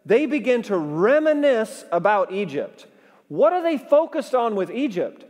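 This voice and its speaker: A man preaching a sermon as pastor, talking in a lively, conversational way and getting the congregation to call back to him. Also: sits high, measured pace, long reverb tail. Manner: animated, conversational preaching with audience call-and-response. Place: church sanctuary.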